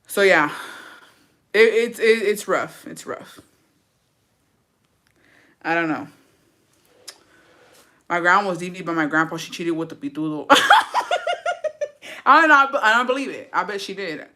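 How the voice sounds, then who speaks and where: A woman with a bright, forward voice tells a story in a casual vlog. She swears often and is dramatic and animated. She slips back and forth between English and Spanish. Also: fairly low pitch, a little slow, long pauses. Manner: profane, code-switches between English and Spanish. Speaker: vlogger telling a story.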